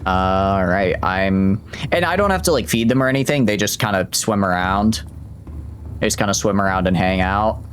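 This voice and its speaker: A man's voice: sits low, moderate pace, fairly bright tone, a little hiss or hum. A man chatting casually while streaming a game, rambling and cutting himself off mid-thought. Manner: chatty, rambling, self-interrupting. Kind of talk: casual gameplay commentary.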